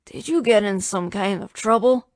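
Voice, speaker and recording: A woman's voice: medium pitch, normal speed, dry recording, clean studio sound, close to an everyday voice. Woman voicing a teasing sleepy younger brother.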